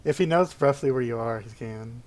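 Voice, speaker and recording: A man serving as game master, relaxed as he explains rules and narrates the enemies' actions. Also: mid-range voice, fairly quick. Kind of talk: running a tabletop game.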